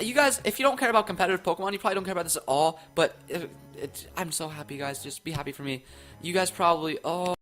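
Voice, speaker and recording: A young man casually commenting on game news, rambling and excitable, often restarting his sentences into his own microphone. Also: a little high, fast talker, soft background music. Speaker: gaming YouTuber. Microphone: own desk microphone.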